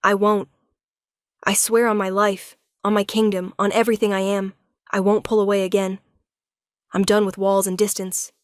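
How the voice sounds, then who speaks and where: A woman's voice: medium pitch, flat delivery, moderate pace, smooth, no echo, clean studio sound, natural voice. A woman voicing a remorseful young male werewolf king who pleads earnestly with his wife. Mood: pleading.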